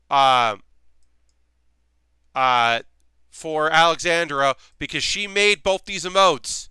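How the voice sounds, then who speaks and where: Brief: male streamer, bright tense voice, rambly casual chat from a home workshop. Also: a little high, slow pace, long pauses, clear, resonant tone, no echo, clean studio sound. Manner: rambling, chatty, many fillers. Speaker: streamer building costume armor.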